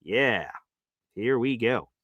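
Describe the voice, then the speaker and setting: A man's voice: medium pitch, lively intonation, takes it slowly, no room sound, lo-fi sound. A man hosting a casual sports livestream, hyped up and calling his viewers "baby" as he reads off gifts. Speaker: livestream host.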